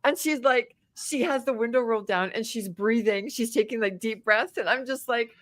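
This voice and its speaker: Podcast guest: middle-aged woman, slightly high voice, animated anecdote teller. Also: moderate pace. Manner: animated, acts out quotes with big pitch jumps. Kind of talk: casual storytelling.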